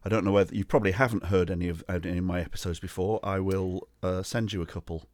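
A man's voice: low-pitched, steady tone, quick pace, a little mellow, dry recording. A man hosting a comedy podcast, chatting casually with dry, self-mocking humour. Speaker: podcast host. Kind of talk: casual chat.

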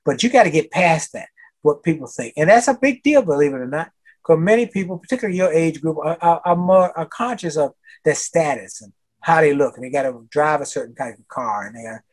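An older man talks in the lively, sermon-like way of a motivational speaker, driving his points home by repeating key phrases. His voice sits a little higher than most men's. He comes across as an energetic guest on a podcast interview. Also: brisk. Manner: preachy, repeats key phrases, bursts into singing.

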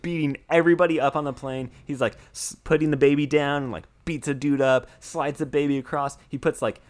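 A man's voice: on the high side, fairly even intonation, brisk. A young American man hosting a casual chat, recapping a film in a rambling way, full of "like" and restarts. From United States. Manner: rambling, many "like" fillers and restarts.

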